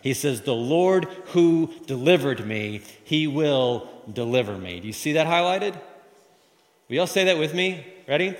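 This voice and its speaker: A man preaching a sermon to a congregation, lively, calling them to repeat lines after him. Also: a little high, moderate pace. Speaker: pastor. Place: church hall with congregation. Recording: long reverb of a large hall.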